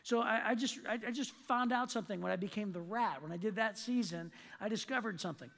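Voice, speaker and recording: A man's voice: high-pitched, fast talker, vocal fry. A man preaching a sermon in a church auditorium, telling a story and acting out the quotes. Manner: animated storytelling with acted-out quotes. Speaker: pastor. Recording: long hall reverb.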